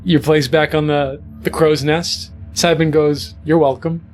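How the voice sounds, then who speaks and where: A man's voice: on the high side, fairly even intonation, unhurried, soft background music. A young adult man narrating as game master, in a rambling way full of fillers.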